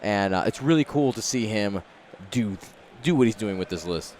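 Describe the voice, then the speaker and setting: A man co-commentating a tabletop tournament, playful and quick with banter. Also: lowish voice, animated, darkish tone, slight background noise. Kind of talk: casual game commentary.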